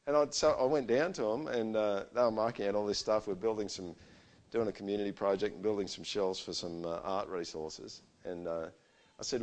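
Middle-aged male preacher, slightly low voice, conversational and animated storytelling. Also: a little fast. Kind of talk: sermon with personal stories.

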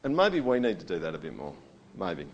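Pastor preaching a conversational sermon. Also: male voice, deep voice, wildly swooping pitch, fairly quick, lo-fi sound, a little hiss or hum. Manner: conversational, keeps asking "all right?", voice swings loud and soft.

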